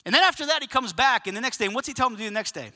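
High bright-voiced guy preaching, chatty storytelling, lots of asking the crowd, big echoey hall. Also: rapid-fire. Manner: animated storytelling with asides to the congregation. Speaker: pastor. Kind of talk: sermon. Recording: long reverb of a large hall.

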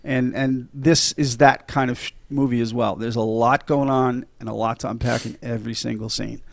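A man's voice: mid-range voice, steady tone, moderate pace, gravelly. A middle-aged man hosting a casual movie podcast, chatty and enthusiastic, with many fillers and restarts. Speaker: podcast host.

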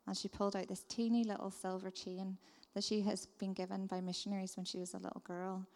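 A woman's voice: mid-range voice, flat delivery, a little fast, a little mellow. A woman giving an earnest, heartfelt testimony about her missionary work, telling it as a story. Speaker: missionary speaker. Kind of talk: testimony talk. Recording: reverberant hall.

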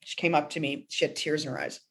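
A woman's voice: low voice, steady tone, fast talker, slightly rough. A woman singer-songwriter talking in a heartfelt, emotional way during a podcast interview, often laughing. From pastor's kid.

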